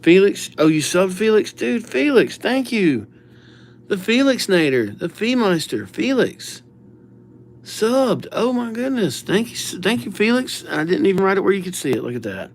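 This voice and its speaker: A man's voice: high-pitched, big pitch swings, normal speed, few pauses, a little hiss or hum. A man chatting casually on a live stream, reading out viewers' names as he writes them and thanking subscribers. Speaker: livestreamer writing viewers' names.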